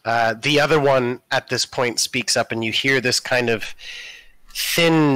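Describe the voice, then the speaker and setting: A man's voice: mid-range voice, a little slow, a bit bright, no room sound, poor audio. A man narrating as game master of a tabletop game, describing scenes with lots of "kind of" fillers.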